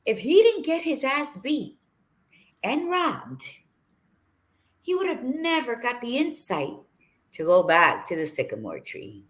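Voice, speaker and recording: A woman co-host in a casual motivational talk, blunt and a little preachy. Her pitch swings widely as she presses her point, lively and emphatic. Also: slow pace, long pauses.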